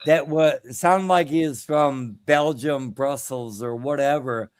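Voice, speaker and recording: A man's voice: medium pitch, slow pace, clean tone, no echo. A man hosting a live stream, chatting casually in a blunt, crude, opinionated way with lots of fillers. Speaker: streamer host.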